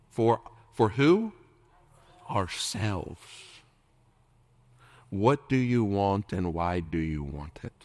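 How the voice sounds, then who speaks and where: Speaking extremely slowly with frequent pauses, a pastor with a lowish, slightly mellow, animated voice preaches on a dry recording. His sermon is full of questions aimed at the congregation, jokes, and playful impressions.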